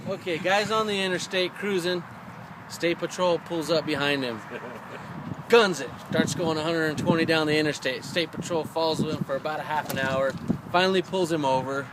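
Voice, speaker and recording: A man's voice: fairly high pitch, normal speed. A man telling a joke outdoors in short, clipped sentences. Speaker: joke teller. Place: outdoors on a golf course. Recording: outdoor noise with passing traffic.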